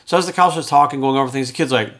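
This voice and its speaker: A middle-aged fitness coach who hosts a podcast races through a personal story in a casual, rambling monologue, acting out the lines of the people in it. His voice is medium-pitched and a bit bright.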